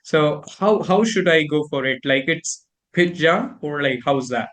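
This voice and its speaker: A man's voice: fairly high pitch, expressive, measured pace, fairly bright tone. A young man with an Indian English accent, chatting through a pronunciation lesson in a rambling, filler-heavy way. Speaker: host learning pronunciation. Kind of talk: casual conversational lesson.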